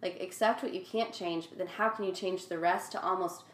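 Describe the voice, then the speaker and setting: A woman co-hosting a podcast, thinking aloud in a relaxed, reflective way. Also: on the low side, brisk, echoey room. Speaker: podcast co-host. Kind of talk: casual chat.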